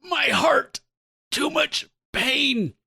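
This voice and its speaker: A man voicing a frantic, scheming old male villain with a failing heart, shouting melodramatically. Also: very high voice, lively intonation, extremely slow, gravelly, voice pushed up, heavily acted.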